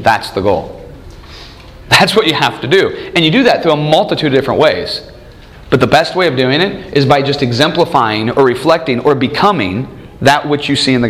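A man's voice: mid-range voice, a bit bright. A man in his thirties leading a church study group, teaching with many rhetorical questions and frequent chuckles. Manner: chuckles often while telling stories.

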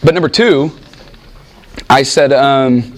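A man teaching a Bible class in an animated, informal way, restarting sentences often and acting out what people say. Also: medium pitch, takes it slowly. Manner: animated, with frequent restarts and acted-out quotes. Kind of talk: informal teaching talk with anecdotes.

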